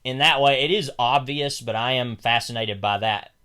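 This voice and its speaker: A man's voice: mid-range voice, moderate pace, sharp tone, smooth. A young man talking films in a loose, rambling podcast chat. His voice sits in an ordinary middle register. He circles his point with fillers and restarts. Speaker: podcast co-host. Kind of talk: casual film discussion.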